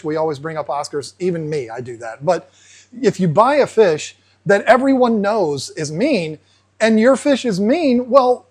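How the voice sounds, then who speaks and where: A man hosting an aquarium channel, explaining casually and acting out fish in playful asides. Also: on the high side. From United States. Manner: animated, acts out fish voices in asides.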